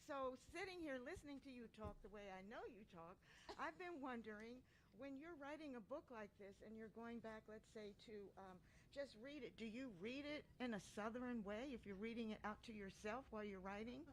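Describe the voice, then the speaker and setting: A woman's voice: fairly high pitch, moderate pace, slight background noise, poor audio. A woman in the audience asking the author a question, friendly and chatty with laughter. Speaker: audience member.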